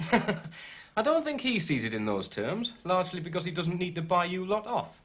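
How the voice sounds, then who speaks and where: A curt dismissive architect. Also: male voice, high-pitched, very animated, normal speed, a bit bright. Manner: clipped, dismissive. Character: curt, defensive male architect. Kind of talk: TV drama acting. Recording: dull TV soundtrack.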